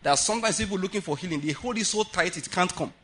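A man preaching a sermon at a prayer meeting, animated, often laughing and acting out the voices he quotes. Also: high voice, fast, breathy edge.

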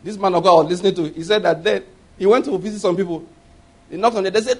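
A middle-aged man preaching a sermon, telling personal stories with animated quoted voices and laughing at his own tales. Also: high voice, racing, slightly rough. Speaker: pastor.

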